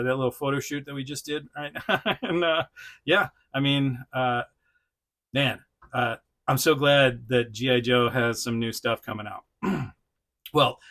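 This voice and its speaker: A man's voice: medium pitch, fairly bright tone. A man hosting a casual toy review vlog, rambling with lots of laughs and fillers, chatting to the action figure he is showing off. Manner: frequent fillers and self-restarts. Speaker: toy reviewer, channel host. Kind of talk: casual unscripted vlog chat.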